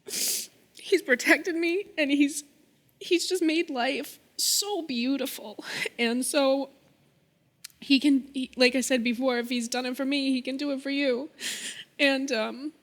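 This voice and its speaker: A woman from Boston, a guest on a faith talk show, giving a heartfelt, tearful, halting testimony. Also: high voice. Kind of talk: emotional interview testimony.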